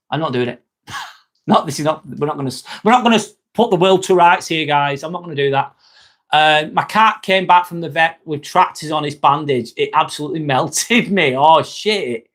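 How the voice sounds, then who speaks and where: A man's voice: a little high, fairly bright tone. A man hosting a casual live stream, joking, laughing often and answering chat comments.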